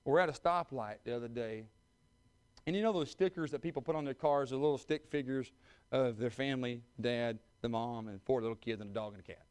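A man, preaching a sermon with folksy humor that builds to loud, fervent exhortation. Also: mid-range voice, smooth. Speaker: pastor.

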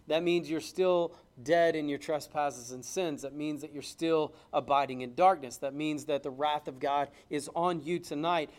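A man preaching a sermon at a church service, quoting scripture in old King James wording and swinging between loud, fast exclamation and low, hushed emphasis.

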